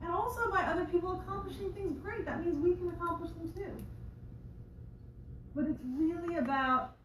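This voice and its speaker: A woman's voice: very high voice, normal speed, fairly bright tone, a little hiss or hum. Chatty woman coach, echoey room. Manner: chatty and rambling, many restarts and asides. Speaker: coach giving a talk. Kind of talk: motivational talk to a live audience. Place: library event room. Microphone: room recording from a distance. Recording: echoey room, voice far from mic.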